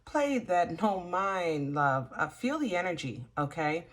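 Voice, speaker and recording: A woman's voice: lowish voice, big pitch swings, slow pace. A woman hosting a casual tarot reading, talking to her viewers in a chatty, emphatic way with lots of fillers. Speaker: tarot reader.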